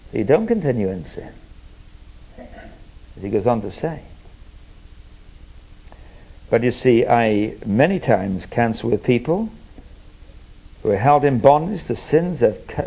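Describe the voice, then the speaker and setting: A man preaching a sermon, explaining with everyday stories and moving between emphatic points and quiet, earnest asides. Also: a little high, low-quality recording. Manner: conversational, illustrates with everyday stories.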